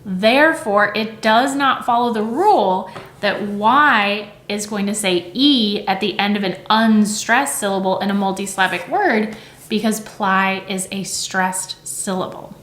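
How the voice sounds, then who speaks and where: A teacher with a medium-pitched, somewhat bright voice speaks a little slowly in an echoey room. She explains reading rules conversationally, often checking in with "right?" and sounding out letters aloud to demonstrate.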